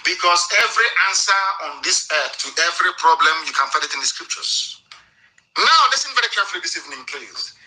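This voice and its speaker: A man preaching with an intense, pressing tone. He scolds his listeners and hammers points by repeating them. His pitch sits a little above the usual for a man. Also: expressive, fast, bright, forceful tone, low-quality recording. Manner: emphatic, scolding, repeats himself for stress. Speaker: preacher and political commentator. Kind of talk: preaching political address.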